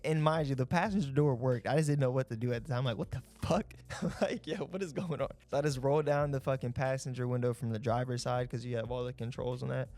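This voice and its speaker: Young guy vlogging, recounting a story with lots of swearing and street slang, loose and animated. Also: medium pitch, fast, few pauses. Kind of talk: casual storytime.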